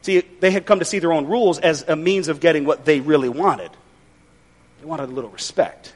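A man's voice: a little high, brisk. A male pastor preaching a sermon in a conversational, folksy way with wry humor.

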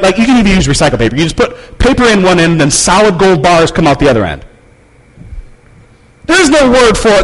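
An animated male pastor preaches in a conversational, emphatic way, his pitch leaping and falling with wry humor. His voice is slightly husky and fairly high for a man. A long reverb rolls through the large church hall behind him. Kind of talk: sermon.

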